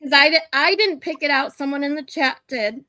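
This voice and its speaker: A woman's voice: sits high, brisk, bright, forceful tone, no room sound. A woman hosting a live stream, chatting casually and laughing as she shows her co-host something on screen. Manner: chatty, laughs often, urges co-host to look.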